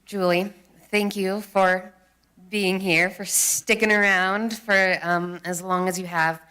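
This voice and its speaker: A woman on a county board giving sincere, halting thank-you remarks in a meeting chamber. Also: medium pitch, little pitch movement, sharp tone, clean tone.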